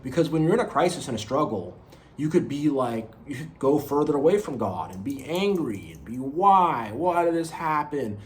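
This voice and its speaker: A man's voice: medium pitch, very animated, brisk, a little mellow. A man giving an unscripted motivational monologue, earnest and rambling, repeating phrases and saying "you know" often. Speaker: motivational video creator.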